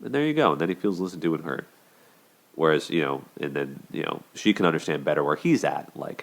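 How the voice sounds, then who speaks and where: A show host with a very deep, gravelly voice offers casual relationship commentary at a brisk pace with lively intonation. He talks conversationally, full of "you know" and "like" fillers and restarts.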